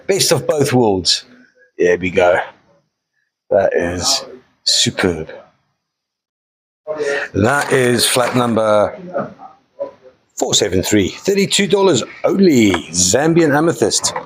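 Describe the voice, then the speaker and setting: A man's voice: on the low side, animated, slow, pauses often, a little hiss or hum, rough recording. A man hosting a live mineral and fossil sale, talking casually and enthusiastically, with jokey asides. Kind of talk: casual live sales presentation.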